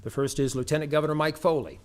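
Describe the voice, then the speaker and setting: A man acting as master of ceremonies at a memorial, speaking in a measured, solemn way and reading out long lists of names. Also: a little high. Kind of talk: formal ceremony address.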